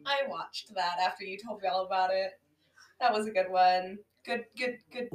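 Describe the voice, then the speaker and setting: A woman's voice: medium pitch, moderate pace, far from the mic, background noise. A woman co-hosting a casual podcast, making sarcastic, swearing jokes about a bad movie. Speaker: podcast co-host. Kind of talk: casual movie-roast chat. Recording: echoey, off-mic amateur audio.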